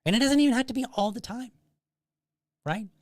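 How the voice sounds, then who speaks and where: Measured male podcast host, dry sound. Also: very high-pitched, no room sound. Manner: measured, reflective, explaining. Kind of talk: solo podcast commentary.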